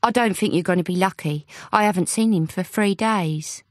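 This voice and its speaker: A woman's voice: lowish voice, moderate pace, a little mellow, dry recording, studio quality, natural voice. A woman voicing a wry, gossipy older housekeeper who talks in a knowing, motherly way. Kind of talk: audiobook character voice.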